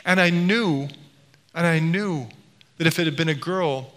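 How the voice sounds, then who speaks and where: Bright-voiced man lecturing in a reverberant hall. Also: a little high, unhurried. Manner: storytelling with playful voice impressions. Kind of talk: public lecture.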